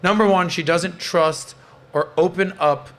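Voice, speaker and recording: A man's voice: high-pitched, fairly even intonation, unhurried, a bit bright. A man hosting a casual podcast panel, blunt and joking, swearing freely. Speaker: podcast host.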